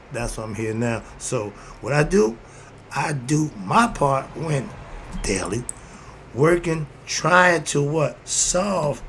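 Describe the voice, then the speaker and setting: A man's voice: a little high, vocal fry, a bit bright, a little hiss or hum. Preachy man chuckling through a self-help talk. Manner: preachy, repetitive call-and-response phrasing with frequent chuckles. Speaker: self-help philosophy host. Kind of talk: casual motivational monologue. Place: home room with a heater running.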